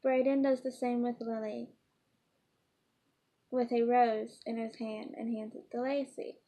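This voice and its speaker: A woman's voice: on the high side, flat delivery, warm tone. A woman reading her own fantasy story aloud, stumbling and correcting herself often. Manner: halting, frequent self-corrections. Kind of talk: unpolished storybook read-aloud.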